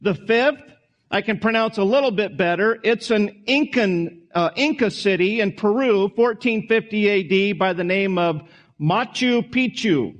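Male pastor with a high voice, delivering a relaxed, folksy sermon that wanders into asides. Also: unhurried, lo-fi sound. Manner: conversational, folksy, with small asides and restarts.

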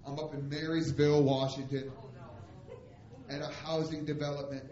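A missionary preacher telling a story from the pulpit, animated and comic, his slightly high voice acting out each part. The room is echoey and the sound a little dull and lo-fi. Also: moderate pace. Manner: animated, comic, acts out dialogue. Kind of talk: storytelling sermon. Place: church. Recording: roomy church hall, dull lo-fi sound.

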